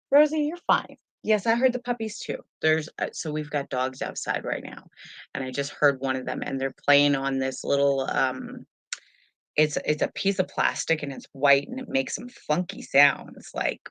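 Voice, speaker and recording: A woman's voice: a bass voice, steady tone, moderate pace, a bit bright, dry recording. A woman hosting a live tarot stream at home, chatting in a rambling, easygoing way into a webcam. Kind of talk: casual live stream chat.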